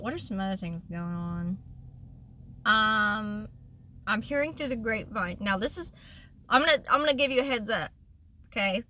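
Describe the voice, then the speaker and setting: A woman talks straight to her viewers in a candid vlog. Her voice is bright and tense, and she rambles earnestly, full of ums and restarts. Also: medium pitch, slight background noise. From Oklahoma. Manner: rambling, earnest, with frequent fillers. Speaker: vlogger.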